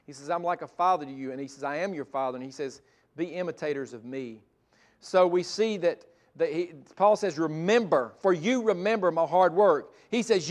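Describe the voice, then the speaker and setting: A middle-aged pastor preaches with a notably high-pitched voice. He climbs into loud, emphatic stretches and then drops to a soft, close delivery. He talks like a man speaking from the pulpit. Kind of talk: sermon.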